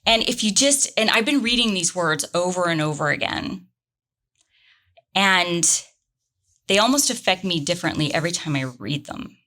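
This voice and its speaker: A woman with a slightly low voice co-hosts a casual podcast chat. She tells the story with earnest energy, her pitch rising and falling as she speaks. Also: animated, moderate pace, bright, forceful tone. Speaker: podcast co-host. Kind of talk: casual conversation, reading a transcript aloud.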